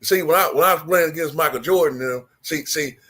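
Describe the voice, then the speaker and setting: A man's voice: on the high side, quick pace, sharp tone, breathy edge, pitched above the performer's own voice. Man impersonating a drawling Southern ball player. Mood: reminiscing. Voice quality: country twang, drawling. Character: aging male pro basketball star, boastful.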